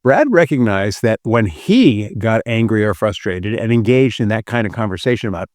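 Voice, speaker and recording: A man's voice: lowish voice, lively intonation, normal speed, darkish tone, no echo, studio quality. A man hosting a relationship podcast, teaching through a retold story in an earnest, emphatic way.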